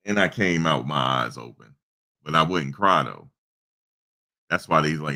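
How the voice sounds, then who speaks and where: Very deep-voiced man rambling casually. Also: expressive, moderate pace, pauses often, bright, forceful tone. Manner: rambling storytelling with many restarts. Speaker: channel host. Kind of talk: casual live-stream chat. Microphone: desktop USB microphone.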